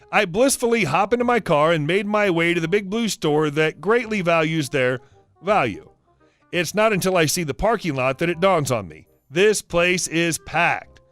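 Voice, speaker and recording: A man narrating reddit stories aloud, with lively storytelling and acted quotes. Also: on the high side, dry recording.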